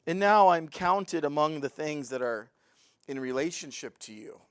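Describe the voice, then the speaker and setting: A man teaching a verse-by-verse Bible lesson in an earnest, preacherly way that swells into excited fervor. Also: on the high side, normal speed, clear, resonant tone, dry recording, studio quality.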